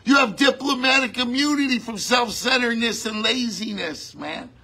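High, husky-voiced male preacher. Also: moderate pace. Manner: conversational preaching, bursts into shouting. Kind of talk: sermon.

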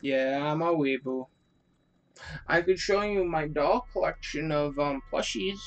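A man talks casually over his gameplay, cracking jokes at his own expense and swearing freely. His voice sits fairly high, and he speaks slowly and unhurriedly. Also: muffled recording. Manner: joking, self-mocking, swears freely. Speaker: gaming video creator.

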